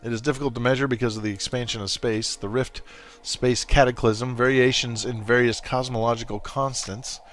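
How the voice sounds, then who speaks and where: A man reading as a calm female ship AI. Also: mid-range voice, soft background music, lightly acted. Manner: measured, explanatory reading. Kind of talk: reading game dialogue aloud.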